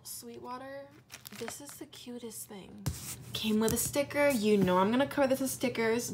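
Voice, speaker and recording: A young woman vlogging an excited unboxing at home, gushing, swearing casually and swinging from hushed whispers to squeals. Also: fairly high pitch, noisy background. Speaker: singer and vlogger.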